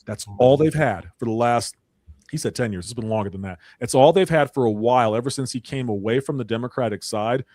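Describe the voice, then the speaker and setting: A man talks fast and emphatically in an opinionated panel chat, recorded close on a dry mic. His pitch sits mid-range, and he lifts into mocking voices when he quotes others. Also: darkish tone, dry recording. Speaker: panelist on a ministry talk show.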